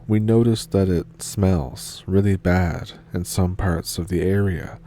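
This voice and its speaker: A man reading a scary first-person story aloud in a measured storytelling manner. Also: low voice, warm tone, a little hiss or hum. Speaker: narrator. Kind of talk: scripted horror story narration.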